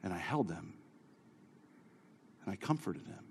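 A male pastor preaching a sermon who moves from quiet storytelling to raised, urgent exhortation. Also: low-pitched, sing-song, a little slow, a little hiss or hum. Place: church hall. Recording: live sermon with long hall reverb.

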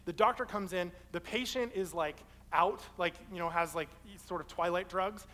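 A young man preaching a sermon, casual and animated, and telling stories from his own life. His voice sits high for a man. The sound carries the long reverb of a large hall. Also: normal speed. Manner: casual, animated, acts out quoted people in his story. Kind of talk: sermon with personal storytelling.

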